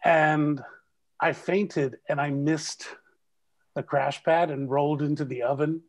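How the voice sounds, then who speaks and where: A man's voice: fairly high pitch, slow pace. Chatty middle-aged man telling stories. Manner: chatty, animated storyteller with laughs. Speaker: actor guest. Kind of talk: casual video call interview.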